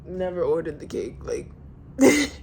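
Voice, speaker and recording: A woman's voice: on the low side, big pitch swings, a little slow, darkish tone, a little hiss or hum. A young woman chatting casually at home in a vlog, rambling and venting in loose slang. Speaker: vlogger.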